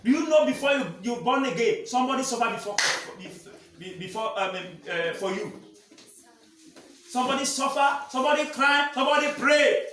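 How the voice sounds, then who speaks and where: A man preaching a sermon as pastor, calling out questions for the congregation to answer and swinging between loud shouting and quiet talk. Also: very high-pitched, lively intonation, normal speed, a little hiss or hum. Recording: echoey hall from far off.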